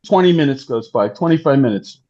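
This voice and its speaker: A man's voice: mid-range voice, brisk, dull audio. A man telling a long anecdote in a casual interview, acting out the voices of the people in it. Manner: animated, acts out quoted voices. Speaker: guest storyteller, talent manager.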